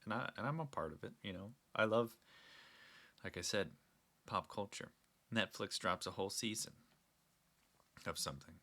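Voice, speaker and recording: A man's voice: on the low side, expressive, normal speed, long pauses, pushed and bright. A young man hosting a casual solo talk, rambling and earnest with frequent restarts. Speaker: podcast host.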